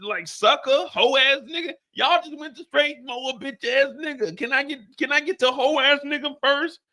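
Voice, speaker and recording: A show recap streamer chats casually with his viewers, swearing a lot and repeating himself as he tells stories in an exaggerated, comically exasperated way. He sounds tired. His voice is extremely high-pitched, bright and forceful, at a moderate pace.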